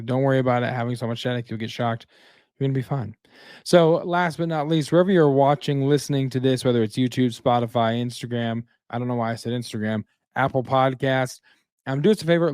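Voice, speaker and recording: A man's voice: medium pitch, a little mellow, no echo. Joking man podcast co-host, dry sound. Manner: jokey, tells dad jokes. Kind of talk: casual podcast chat.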